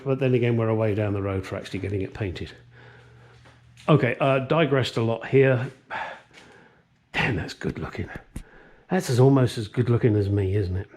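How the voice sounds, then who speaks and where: A man's voice: mid-range voice, mellow. A man chatting casually while he works on a car in his home garage, with crude jokes and asides, picked up by a nearby camera mic. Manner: talks while working with tools. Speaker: car restoration vlogger. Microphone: camera mic on a stand nearby.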